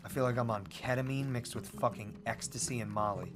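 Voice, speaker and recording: A young man streaming, chatting crudely and jokingly, with sudden shouts. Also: mid-range voice, fairly quick, over music. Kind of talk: casual comedic chat to a stream.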